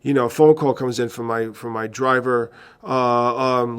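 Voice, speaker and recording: A man's voice: medium pitch, moderate pace, clear, resonant tone. A man who managed a band, telling a long, profane road story in a documentary interview. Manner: animated raconteur, profane, acts out phone calls.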